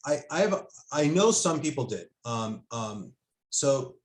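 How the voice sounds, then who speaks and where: A man at a middle pitch, talking casually as an author and guest. He hesitates often, stacking ums and starting sentences over. His voice rings with noticeable room echo. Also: very animated, measured pace. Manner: hesitant, many fillers and restarts. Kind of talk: casual conversation. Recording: roomy echo.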